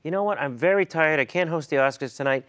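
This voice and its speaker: Guy doing a slick showbiz comedian, crooning and wisecracking, kinda high for a guy. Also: quick pace, a bit bright, lightly acted. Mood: schmoozy. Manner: mock-crooning, sly showbiz patter. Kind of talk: comic impression on a TV chat show.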